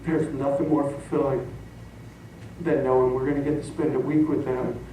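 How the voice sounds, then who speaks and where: A man's voice: medium pitch, normal speed, slight background noise. A middle-aged man preaching a sermon, telling stories and laughing along as he goes. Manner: animated, laughing storyteller. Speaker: pastor. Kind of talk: sermon storytelling. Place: church sanctuary. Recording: echoey hall from far off.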